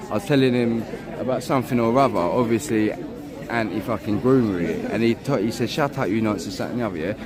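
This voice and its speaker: A man vlogging casually in a town street, blunt, sweary and rambling, filmed on a handheld phone. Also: mid-range voice. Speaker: vlogger filming a protest. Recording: noisy crowd outdoors.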